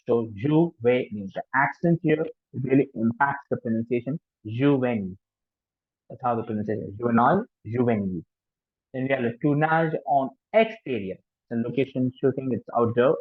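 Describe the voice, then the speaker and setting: A man with an Indian English accent lectures on French language and film, stopping often to restart his sentences. His voice sits at an average pitch. The recording is tinny and dry, like a phone line. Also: brisk, few pauses, husky, no echo. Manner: hesitant, many fillers and restarts. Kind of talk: informal lecture.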